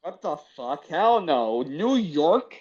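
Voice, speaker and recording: Halting man on a dull lo-fi mic. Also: on the high side, very animated, darkish tone. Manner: halting, agreeable, sweary, restarts a lot. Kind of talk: casual chat.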